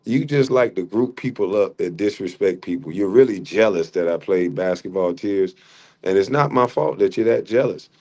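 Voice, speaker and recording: Speaking at a moderate pace in a low-pitched, expressive, slightly mellow voice, a middle-aged livestream host fights with a rival. He is mocking and combative throughout, with frequent laughs.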